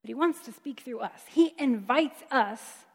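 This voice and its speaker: Woman, preacher, sermon, emphatic, conversational, fairly high voice, echoing hall. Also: animated, measured pace, a little mellow, slightly rough. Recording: long hall reverb.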